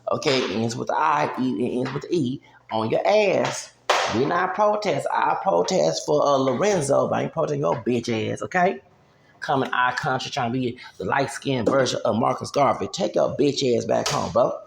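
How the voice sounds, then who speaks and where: A man's voice: mid-range voice, creaky, slight background noise. A man, ranting heatedly and profanely in a vlog, often breaking off with "okay?". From United States. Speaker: vlogger. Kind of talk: heated opinion rant.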